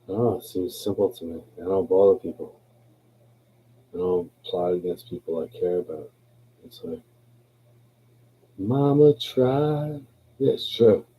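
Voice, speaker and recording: Tipsy stream host, laid-back and profane, very dark and mellow tone. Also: male voice, low voice, flat delivery, moderate pace, a little hiss or hum, poor audio. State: tipsy from drinking. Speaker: livestream host. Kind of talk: rambling casual livestream chat.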